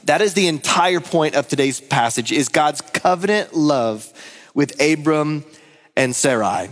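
A man's voice: a little high, a little slow. A man in his thirties, a pastor giving a conversational sermon to his church and telling stories. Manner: storytelling, lively and conversational. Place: church hall. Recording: long hall reverb.

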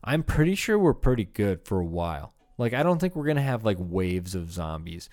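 A man's voice: fairly low pitch, big pitch swings, moderate pace, a little mellow. A young man from Iowa, a comedian hosting a podcast alone, rambling through a profane comedic rant with laughing asides. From Iowa, USA.

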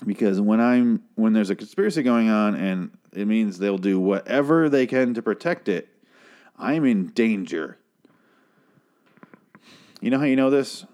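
A man recapping a TV episode in a casual, rambling way, swearing freely, and jumping into high-pitched impressions of the characters. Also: animated, a little slow, long pauses, darkish tone. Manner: rambling, profane, restarts a lot; mimics characters in a raised voice.

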